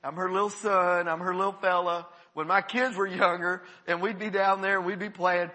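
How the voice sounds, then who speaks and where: A man preaches with a high, bright voice, talking to the congregation like he's chatting with friends and leaning hard on key words. His tone carries a husky edge. The sound rings out with long reverb, as in a church sanctuary. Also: level tone, normal speed. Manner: conversational preaching, emphatic, breaks into quoted voices. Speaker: pastor. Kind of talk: sermon.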